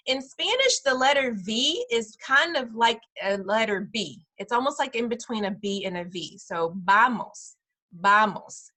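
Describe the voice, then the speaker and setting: A woman teaching a parents' class over a video call, pitched a little high with a bright, clear edge. She talks patiently and models each sound slowly, repeating words so her students can follow. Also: very animated. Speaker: preschool director teaching a parent Spanish class. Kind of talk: online class instruction.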